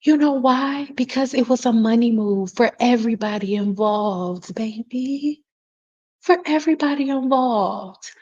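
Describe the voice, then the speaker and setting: A woman's voice: on the high side, unhurried, a little mellow, lo-fi sound. A woman who works as a cosmetologist, speaking bluntly and emphatically in a casual vlog, swearing freely and addressing her viewers directly. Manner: talks straight to the audience, calls them y'all.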